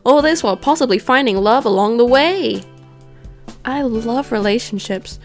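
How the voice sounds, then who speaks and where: A woman voicing a showy male principal who hosts a game, reading in a quick, announcer-like way. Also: on the high side, animated, soft background music. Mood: grand.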